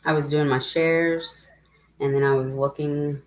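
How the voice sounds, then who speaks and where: A middle-aged woman with a notably low voice hosts a casual livestream, rambling and emotional as she tells her story. She breaks off now and then to greet viewers by name. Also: fairly even intonation, a little slow, rough recording. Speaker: livestream host.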